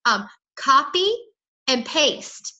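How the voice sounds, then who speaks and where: A woman's voice: high voice, big pitch swings, extremely slow, sharp tone, poor audio. A woman coaching her sales team on a call, chatty and emphatic, often acting out what she would say to people. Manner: chatty, emphatic, acts out dialogue. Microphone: phone or call audio.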